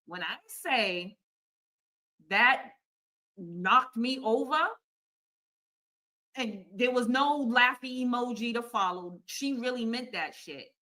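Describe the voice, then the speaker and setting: A grown woman streaming live and telling a story about a falling-out with a friend, her voice bright and fairly high. She talks in a casual, animated way, swears freely and slips into the voices of the people she quotes. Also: slow pace, long pauses. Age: adult. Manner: animated, profane, acts out quoted dialogue.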